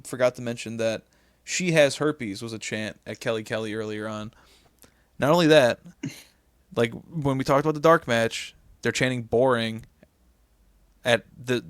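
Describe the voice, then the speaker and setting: A man's voice: mid-range voice, no room sound, clean studio sound. A man co-hosting a casual wrestling podcast, tired and cursing as he rants. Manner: profane ranting, swings from mumbling to shouting. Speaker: podcast co-host.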